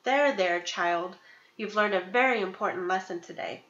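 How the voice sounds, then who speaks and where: A woman's voice: medium pitch, moderate pace, a bit bright, echoey room, dull audio, a little hiss or hum, natural voice. A woman doing a doting old granny. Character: kindly fussing old grandmother.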